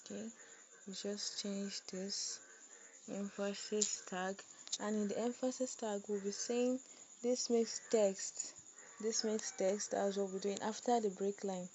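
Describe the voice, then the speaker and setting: Woman coding tutor, measured and monotone, repeats words while typing. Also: mid-range voice, highs cut off. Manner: dictates slowly while typing, repeats phrases. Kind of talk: screen-recorded coding tutorial.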